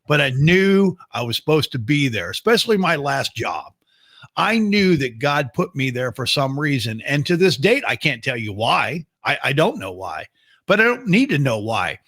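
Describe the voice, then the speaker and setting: A man with a fairly high, lively voice speaks on a faith podcast. He talks in a sincere, reflective way with steady conviction, and his pitch moves up and down a lot. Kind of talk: casual faith podcast conversation.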